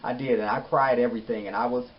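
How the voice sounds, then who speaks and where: A man giving a casual, animated recap of a TV episode, chatting with his viewers. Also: medium pitch, fast talker. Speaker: TV show reviewer. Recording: slightly muffled, faint hiss.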